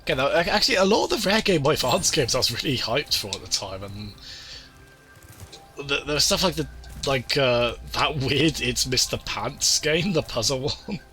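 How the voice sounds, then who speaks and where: A man's voice: mid-range voice, animated, moderate pace, bright, forceful tone. A man casually chatting as he streams a video game, rambling from thought to thought and restarting his sentences, with game music behind him. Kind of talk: casual let's-play chat.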